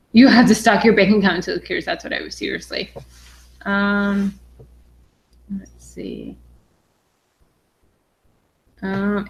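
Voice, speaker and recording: Bubbly young woman reading live chat. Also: medium pitch. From Western Massachusetts, USA. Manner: bubbly and excited, frequent "um"s. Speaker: personal finance vlogger. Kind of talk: casual live stream, reading viewer comments.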